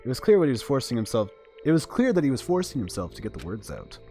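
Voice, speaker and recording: Brief: male streamer narrating a visual novel, casual and animated, soft music underneath. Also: mid-range voice, fast talker. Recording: faint background game music.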